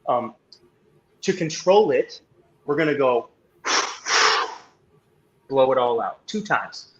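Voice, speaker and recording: A man's voice: mid-range voice, lively intonation, slow pace, highs cut off, a little hiss or hum. A man appearing as a guest, explaining and guiding a breathing exercise in an instructive, coaching way. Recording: roomy echo.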